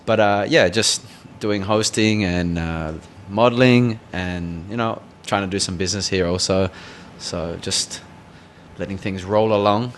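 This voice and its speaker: An easygoing Australian man in his thirties with a very low voice, chatting on a podcast. His manner is modest and relaxed. There is a faint hiss of noise behind him. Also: unhurried. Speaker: guest co-host. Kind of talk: casual podcast chat.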